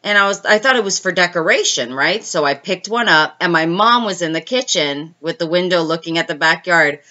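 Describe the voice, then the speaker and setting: A woman's voice: on the low side, lively intonation, brisk, pushed and bright, lo-fi sound. Chatty woman livestreamer telling stories. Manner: chatty, answers viewer comments mid-story. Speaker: live stream host. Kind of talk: casual storytelling chat.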